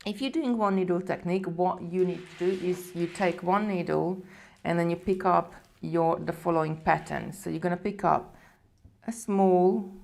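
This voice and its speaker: A woman's voice: fairly low pitch, fairly even intonation, moderate pace, vocal fry, darkish tone. A woman presenting a live beading tutorial, chatting casually and talking viewers through each step as she works. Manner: chatty, talks viewers through steps while working.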